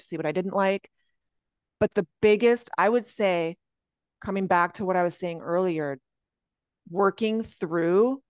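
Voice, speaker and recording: Earnest woman, dry close podcast sound. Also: dry recording. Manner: earnest, animated, often slipping into high quoted self-talk. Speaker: guest coach. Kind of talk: reflective podcast conversation.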